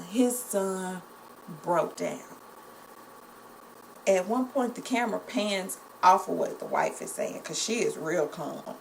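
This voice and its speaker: A woman's voice: lowish voice, vocal fry, a little hiss or hum, rough recording. A young woman, talking straight to her viewers in a casual, impassioned and indignant way. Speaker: vlogger. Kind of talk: casual commentary to camera.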